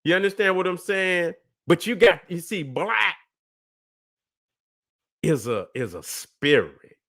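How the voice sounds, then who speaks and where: Speaking slowly in a high, somewhat bright voice with lively intonation, a male livestream host delivers a preachy lecture. He is profane and emphatic and keeps asking "you see what I'm saying" to make sure listeners follow.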